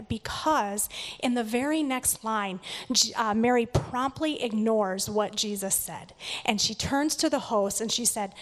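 A woman reading scripture and preaching a sermon in a measured, reflective way. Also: on the high side. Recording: long hall reverb.

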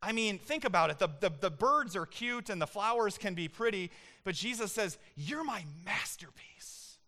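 A man in his thirties preaching a sermon as a pastor, animated and emphatic, telling personal stories. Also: sits high, a little fast.

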